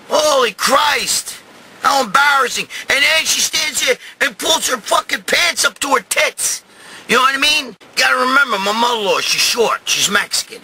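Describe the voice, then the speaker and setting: Host, middle-aged New York Italian guy, crude rambling storyteller, high bright voice. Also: slightly rough, rough recording. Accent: New York Italian-American. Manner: profane, rambling, swings to loud shouting. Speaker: show host telling a story. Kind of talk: crude comic storytelling monologue.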